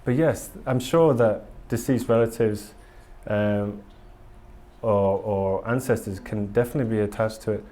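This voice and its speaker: A man's voice: on the low side, unhurried, mellow. A man speaking at a conference, candid and enthusiastic, with frequent ums and restarts. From England. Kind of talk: live conference talk and Q&A. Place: conference hall.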